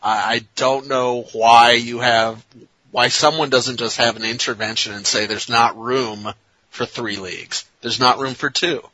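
Husky-voiced man in wry sports chat. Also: medium pitch, fairly even intonation, pushed and bright, dry recording, lo-fi sound. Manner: rambling, halting, wry. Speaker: soccer podcast co-host. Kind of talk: casual sports talk.

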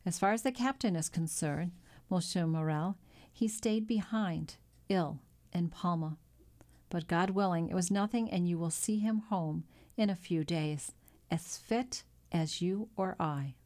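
An old weathered sailor, read by a woman narrator, speaks plainly and without hurry. The audiobook keeps his voice close to the narration's low tone. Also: measured pace, darkish tone, lightly acted. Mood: matter-of-fact. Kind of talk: audiobook character voice.

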